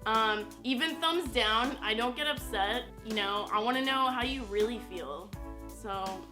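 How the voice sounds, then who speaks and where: A woman's voice: a little high, unhurried, over music. A young woman telling a personal story in a casual vlog, chatty and full of fillers. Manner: chatty, lots of "like" and "you know". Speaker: YouTuber.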